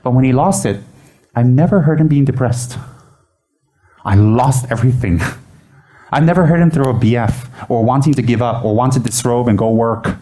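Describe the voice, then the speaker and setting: A man teaching Buddhism in a chatty, animated way, often restarting his sentences. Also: mid-range voice, a little fast. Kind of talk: informal dharma teaching.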